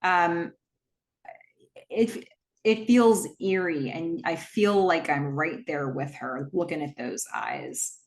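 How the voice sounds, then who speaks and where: A woman's voice: sits low, big pitch swings, slow pace. A woman casually retelling a horror film scene by scene, dropping her voice to quote the characters' dialogue. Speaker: movie recap host. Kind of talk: casual film recap narration.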